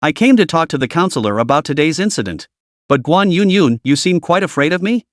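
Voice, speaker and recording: A man voicing a calm, nonchalant young male student in a story recap, probing and steady. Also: fairly high pitch, brisk, dry recording, clean studio sound, close to an everyday voice.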